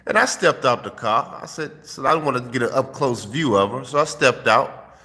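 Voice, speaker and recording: Man, vlog host lecturing the fellas; bright, tense tone with a long reverb tail, phone mic. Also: mid-range voice, moderate pace. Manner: streetwise, profane, preachy. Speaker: host giving dating advice. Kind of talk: casual vlog monologue. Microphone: phone held while filming.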